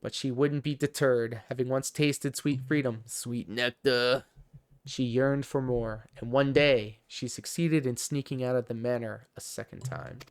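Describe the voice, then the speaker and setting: A man's voice: medium pitch, fairly even intonation, measured pace, clear, resonant tone, poor audio. A man streaming a game, reading story text aloud and cracking profane jokes in casual commentary.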